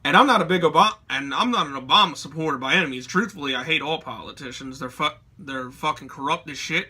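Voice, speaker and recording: Man, young adult, angry ranting vlogger, cursing constantly, piercing bright tone. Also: a little high. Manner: heated, swearing, slangy. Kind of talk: profane ranting commentary.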